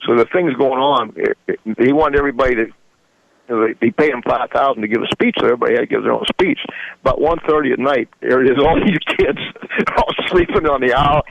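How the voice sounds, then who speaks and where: A man's voice: mid-range voice, quick pace, vocal fry, no room sound, muffled recording. A man in his sixties, a radio show guest, telling rambling stories in folksy grammar and chuckling often. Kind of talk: casual storytelling.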